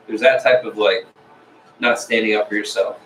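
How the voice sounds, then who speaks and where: A man's voice: fairly low pitch, steady tone, moderate pace, fairly bright tone. A man in casual podcast chat, rambling with many fillers. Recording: echoey room, faint noise.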